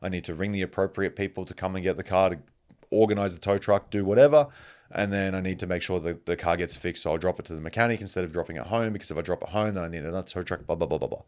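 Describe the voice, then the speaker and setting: Deep-voiced man, podcast host, casual rambling talk, swears a lot. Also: rapid-fire. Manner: swears freely, animated storytelling. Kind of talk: casual monologue.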